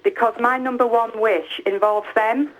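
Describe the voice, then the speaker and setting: A woman's voice: a little high, fairly even intonation, moderate pace. A woman calling in to a phone-in show, outspoken and gossipy about the housemates. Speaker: caller. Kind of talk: phone-in call. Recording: phone line.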